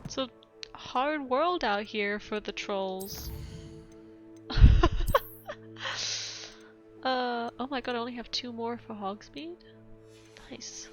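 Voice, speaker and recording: A woman's voice: a little high, takes it slowly, pauses often, fairly bright tone, soft background music. A European woman streaming a game, chatting casually, laughing often and reading chat aloud.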